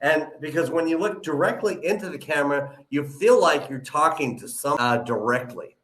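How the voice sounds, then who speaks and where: A male show host with a slightly high, a bit bright voice and a faint lisp runs a live interview at a moderate pace, offering coaching advice. He's upbeat and encouraging, sprinkling in "you know" and "right?", and the room sounds echoey.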